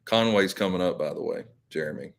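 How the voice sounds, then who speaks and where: Man, very deep voice, rambling live-stream host who talks to his viewers. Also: a little fast, creaky. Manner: rambling, filler-heavy, self-correcting. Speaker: YouTube channel host.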